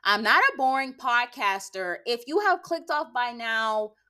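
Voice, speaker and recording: A woman's voice: on the high side, sing-song, bright, forceful tone. A woman in her late twenties hosting a podcast, talking bluntly and sarcastically to her listeners and checking in with them with a pointed "okay?". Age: late 20s. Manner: blunt, sassy, lectures listeners with rhetorical "okay?"; sarcastic, quick bursts of laughter. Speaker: podcast host. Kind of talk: casual monologue podcast.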